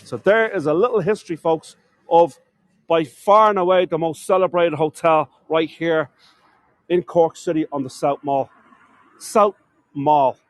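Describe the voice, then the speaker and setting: A man's voice: a little high, unhurried, no room sound. An Irish man narrating a live walking tour of a city, chatting to viewers as "folks" and often stumbling over words and correcting himself. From Ireland. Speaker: tour guide. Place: outdoors on city streets, walking.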